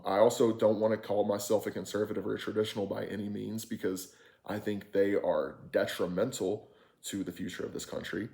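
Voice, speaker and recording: A man with a low, gravelly voice tells a casual story straight to the camera. He sounds frustrated and candid, swears freely, and rambles with many fillers and false starts. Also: warm tone. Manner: rambling with frequent fillers and restarts. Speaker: vlogger recounting an experience.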